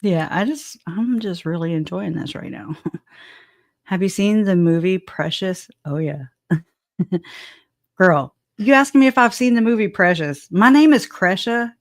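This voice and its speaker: A woman's voice: fairly low pitch, no room sound, clean studio sound. A woman hosting a casual true-crime livestream, chatting with viewers and laughing often between joking asides. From southwest Louisiana. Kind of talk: casual livestream commentary, greeting chat.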